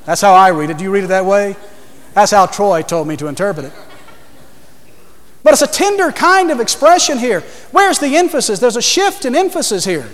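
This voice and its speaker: A man's voice: high-pitched, lively intonation, fairly quick, fairly bright tone, in a large hall. A man preaching a sermon to a congregation, emphatic, asking questions and repeating his key points.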